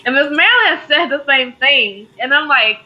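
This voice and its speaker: A woman's voice: sits high, expressive, moderate pace, highs cut off. A woman co-host giving a heartfelt spoken tribute, fighting back tears as she talks. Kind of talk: emotional tribute in casual talk.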